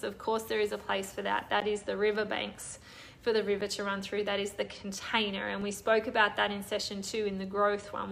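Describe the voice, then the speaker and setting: A woman's voice: mid-range voice, vocal fry, fairly bright tone, slight background noise. A woman hosting a live online coaching session, talking enthusiastically and reading out viewer comments. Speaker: online course host. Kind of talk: live-stream coaching talk.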